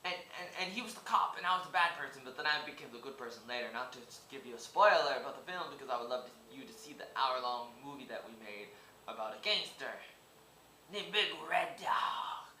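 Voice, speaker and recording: A young man talks off the cuff in a casual vlog, his voice bright and forward. He rambles, stammers and doubles back on his words. The room around him is echoey. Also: mid-range voice, fast talker, slight background noise. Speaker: vlogger.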